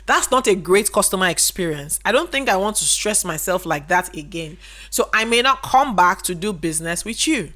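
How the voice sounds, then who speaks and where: Woman, business educator, casual teaching, rhetorical questions, repeats key points, middle pitch. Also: lively intonation, moderate pace, pushed and bright. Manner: conversational, explains with rhetorical questions. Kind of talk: casual instructional talk to camera.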